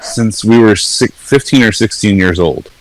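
Earnest man in his forties, low voice. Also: unhurried, rough recording. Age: 40s. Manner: earnest, rambling, laughs easily. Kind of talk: casual candid conversation.

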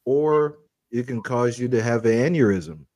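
A young man, co-hosting a family podcast in a relaxed, halting way. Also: mid-range voice, no room sound. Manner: relaxed, hesitant, many fillers and restarts. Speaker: co-host. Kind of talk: casual family podcast chat.

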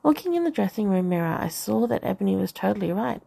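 A woman's voice: medium pitch, sing-song, fast talker, creaky, warm tone, breathy edge. A woman narrating a first-person novel aloud with wry, dry humour. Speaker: audiobook narrator.

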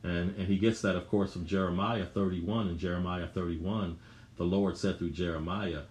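A man's voice: low voice, fairly even intonation, normal speed, a little mellow, echoey room. A man preaching a sermon, with emphatic, repetitive phrasing that rises for emphasis.

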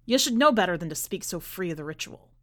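A woman doing a quick, jeering male clown. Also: fairly low pitch, lively intonation, natural voice. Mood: taunting. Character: mocking, coarse male circus clown. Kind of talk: audiobook character voice.

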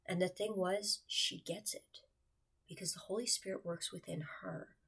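A woman's voice: fairly low pitch, steady tone, moderate pace, vocal fry, fairly bright tone, slightly rough. A woman telling viewers an earnest personal faith testimony in a confiding way, often dropping to a whisper. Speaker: churchgoer sharing a faith testimony.

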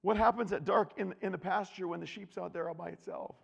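A man preaching a sermon, animated and swinging from loud declarations to hushed asides. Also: sits high, fairly quick, gravelly, husky, big-room sound.

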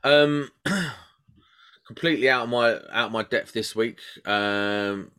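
A man's voice: mid-range voice, slow, clear, resonant tone. A man, an electrician, telling a work story in casual podcast chat. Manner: animated storytelling, swears casually.

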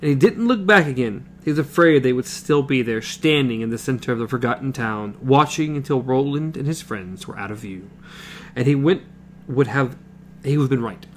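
A man's voice: medium pitch, expressive, normal speed, slight background noise. A man reading a novel aloud with a partner, stopping to comment and correct himself. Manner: reads with comments and self-corrections. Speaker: reader.

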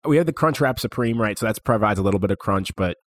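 Low-voiced young man, casual. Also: lively intonation, fast talker, no echo, clean studio sound. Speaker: podcast co-host. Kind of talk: casual chat.

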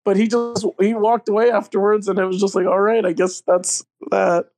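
A man's voice: sits high, flat delivery, normal speed, darkish tone. Young man telling rambling stories. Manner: rambling, laughs through his stories. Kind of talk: casual storytelling chat.

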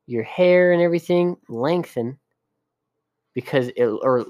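A man's voice: a little high, unhurried, highs cut off. Man with a cracking, damaged voice. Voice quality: cracking voice from damaged vocal cords. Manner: argumentative, insists on facts. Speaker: podcast co-host. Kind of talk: casual podcast banter.

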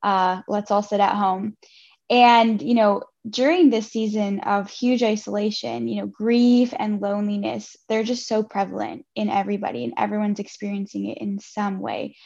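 A woman from Ontario hosts a casual chat, her voice carrying a gravelly fry. She responds to her guest in a friendly, affirming way, and the audio sounds dull and lo-fi. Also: mid-range voice, normal speed, hardly any pauses, darkish tone. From Ontario, Canada. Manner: friendly, affirming, loose phrasing. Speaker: host.

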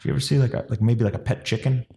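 A man's voice: medium pitch, fairly even intonation, very fast, gravelly, warm tone. A man co-hosting a podcast, joking and riffing in casual chat, swearing often. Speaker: podcast co-host. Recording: echoey room with long reverb.

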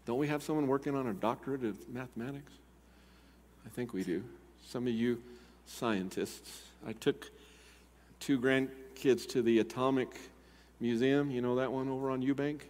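An older man preaching a sermon as pastor, swinging between loud urgent appeals and quiet, slow emphasis. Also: medium pitch. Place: church sanctuary. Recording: long hall reverb.

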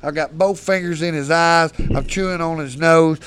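A man's voice: on the high side, steady tone, moderate pace, fairly bright tone. Profane man telling rowdy stories. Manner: profane, laughs mid-story. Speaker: podcast guest. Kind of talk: rowdy storytelling.

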